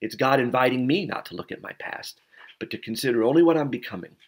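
A man's voice: medium pitch, animated, fast talker, slightly rough. A middle-aged man, a pastor, giving an informal sermon as a story with many fillers and restarts. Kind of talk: conversational sermon.

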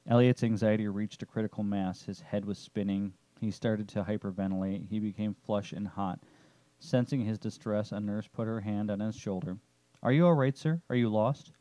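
A man narrating a story chapter in a steady, descriptive way. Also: on the low side, no room sound, low-quality recording.

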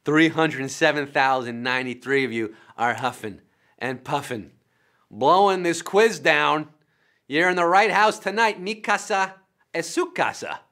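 Bright, playful trivia show host man. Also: a little high, measured pace. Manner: energetic, jokey and playful. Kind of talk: live trivia show hosting. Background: music.

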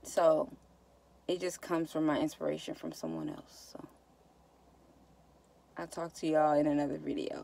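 A woman's voice: deep voice, lively intonation, moderate pace, vocal fry, pauses often, mellow. A woman talking to her viewers in a casual vlog, heartfelt and repetitive, close to tears. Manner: heartfelt, repeats herself, says y'all. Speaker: vlogger.

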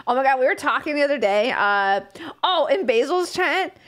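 A woman in her thirties chats loosely with her live audience, laughing and cursing as she goes. Her fairly high voice swoops up and down with lots of energy. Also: moderate pace. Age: 30s. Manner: giggly, animated and swearing freely. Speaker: streamer. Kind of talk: casual live-stream chat.

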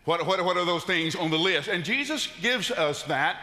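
Casting: middle-aged male pastor, bright and forceful tone, folksy sermon storyteller, reverberant church hall. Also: sits high, animated, moderate pace. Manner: folksy storytelling with frequent "uh" fillers. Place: church sanctuary.

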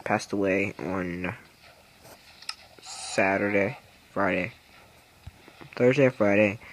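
A teenage gaming video creator whose voice is breaking with adolescence rambles goofily through casual gameplay commentary, often jumping into squeaky, silly voices.

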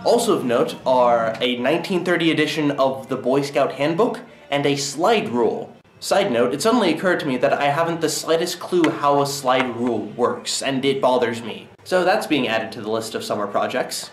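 Young adult male vlogger, mid-pitched, dry jokey asides, roomy sound. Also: expressive, normal speed, few pauses, soft background music. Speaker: college student vlogger. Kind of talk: casual vlog and voiceover.

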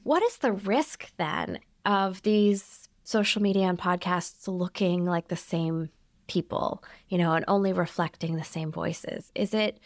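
Gravelly-voiced woman podcast host. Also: lowish voice, no room sound. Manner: measured, thoughtful questions. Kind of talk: interview questioning.

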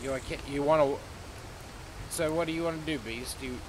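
A man's voice: on the high side, fast talker. A man doing in-character game roleplay, coaxing and cheering on his pet creature. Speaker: roleplaying gamer. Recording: loud game wind and ocean noise.

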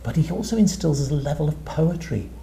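A man with a Lancashire accent hosts a chat show, asking questions and reminiscing with his guest. His voice is mellow and gravelly, and his pitch rises and falls a lot as he talks. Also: expressive, brisk, slight background noise. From Lancashire, England. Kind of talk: casual interview chat.

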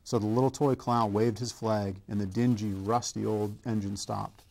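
Gravelly low-voiced man reading a children's story. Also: steady tone. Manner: slow gentle storytelling with small stumbles. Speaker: coach. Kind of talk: children's read-aloud.

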